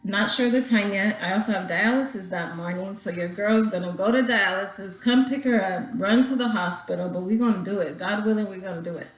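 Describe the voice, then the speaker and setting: A woman's voice: medium pitch, fairly quick, hardly any pauses, reverberant, low-quality recording. A young woman talking casually to her viewers in a personal vlog, holding back tears as she rambles. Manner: emotional, talking through tears held back. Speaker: vlogger.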